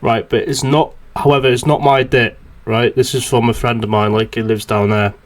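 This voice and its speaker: Casting note: young guy, podcast host, sweary and rambling, mid-pitched everyday voice. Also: little pitch movement, normal speed. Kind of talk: casual chat, swearing anecdote.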